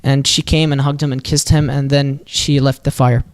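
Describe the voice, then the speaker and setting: A man telling a prophet's story at a mosque in a lively, casual way, acting out the quoted lines and using Arabic phrases. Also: mid-range voice, normal speed, clear, resonant tone. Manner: casual, with fillers and restarts. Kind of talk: religious storytelling talk.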